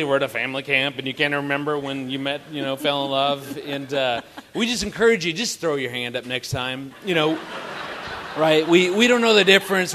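A man's voice: on the high side, a bit bright. A man telling a funny story to an audience at a family camp, playful and teasing. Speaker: married couple's co-speaker at a family camp.

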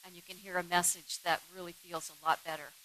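A woman's voice: on the low side, flat delivery, brisk, pushed and bright, a little hiss or hum, poor audio. A woman co-presenting a talk on marriage with her husband, earnest and candid.

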